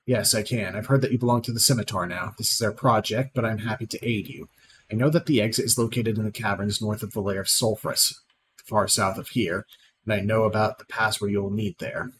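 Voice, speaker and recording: A man reading out the lines of a proud, scornful female sorceress in a video game, plainly and with small slips, over clear background noise. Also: lowish voice, fairly even intonation, brisk, natural voice.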